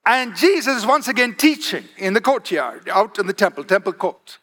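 This preacher speaks emphatically, prompting "Amen?" from the congregation and varying his pace for effect, at a moderate speed overall. His voice sits high, sing-song, pushed and bright.

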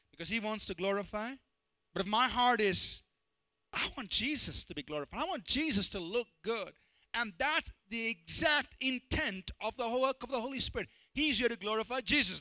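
A man preaching a sermon as pastor, animated and telling stories with self-deprecating humor. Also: very high voice, no room sound, low-quality recording.

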